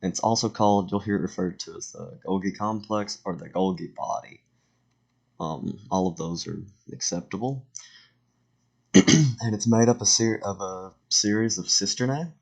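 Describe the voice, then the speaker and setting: A teenage boy giving a casual slideshow voiceover for a school presentation, halting and self-correcting, with joking asides. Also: low voice, gravelly, breathy edge. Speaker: student presenter.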